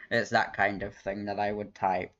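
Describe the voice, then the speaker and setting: A man's voice: fairly low pitch, fairly bright tone. Rambling, swearing young-sounding man on stream. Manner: rambling, laughs a lot, swears casually. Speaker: livestream host. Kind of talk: casual live-stream chat. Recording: dull lo-fi stream audio.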